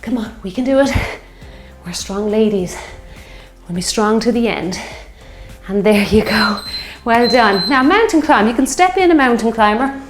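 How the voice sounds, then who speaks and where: A woman's voice: on the high side, animated, moderate pace. Upbeat woman leading a workout. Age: 50s. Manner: encouraging, upbeat cues over exercise. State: out of breath at times. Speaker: fitness instructor. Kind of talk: workout class instruction. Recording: echoey room with workout music.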